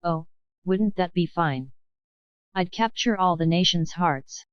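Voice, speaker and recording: A woman's voice: lowish voice, slow pace, smooth, no echo, lo-fi sound. A woman voicing a vain, plump, bossy aunt who boasts of her own beauty. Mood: boastful. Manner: boastful, ordering.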